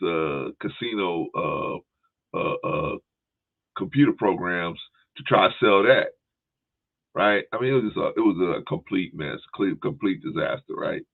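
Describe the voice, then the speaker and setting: A man's voice: low-pitched, normal speed. A male podcast host chatting casually, with a laid-back, rambling manner and frequent "right?" and "y'all". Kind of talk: casual chat. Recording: tinny phone-like line.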